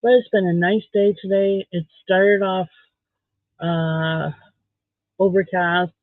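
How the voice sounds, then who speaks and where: A man's voice: high-pitched, fairly even intonation, takes it slowly, no echo. A man from Canada chatting casually on a livestream while beading, giving blunt, candid opinions. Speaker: livestream host. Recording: tinny phone-like dry sound.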